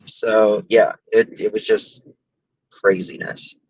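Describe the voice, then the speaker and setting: A man's voice: lowish voice, huge pitch swings, slow, rough recording. A man hosting a casual livestream, chatting through stories and thanking viewers by name for gifted memberships. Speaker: livestream host.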